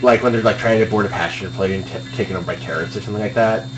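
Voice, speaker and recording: A man's voice: fairly low pitch, racing, low-quality recording. Rambling young man over game music. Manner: laid-back, rambling. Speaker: speedrun streamer. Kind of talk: casual chat during gameplay. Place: home room at a computer.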